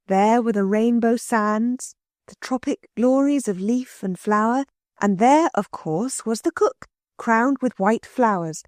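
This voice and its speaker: A woman narrates a classic storybook in a steady, even reading voice. Her pitch sits in the middle. The sound is dry and close. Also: no echo. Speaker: audiobook reader. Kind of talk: scripted narration.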